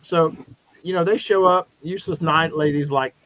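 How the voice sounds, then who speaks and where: Profane, animated man recapping a comic. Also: fairly high pitch, moderate pace. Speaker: comic book panelist. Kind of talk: casual livestream chat. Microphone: video call. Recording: dull lo-fi stream audio with noise.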